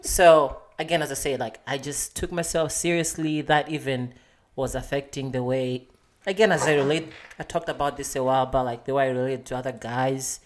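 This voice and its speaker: A man's voice: mid-range voice, fairly even intonation, normal speed, slight background noise. A man in his twenties from Malawi talks on a podcast in an easygoing, earnest way. He thinks aloud about himself and laughs easily as he goes. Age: 20s. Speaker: podcast co-host. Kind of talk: casual chat.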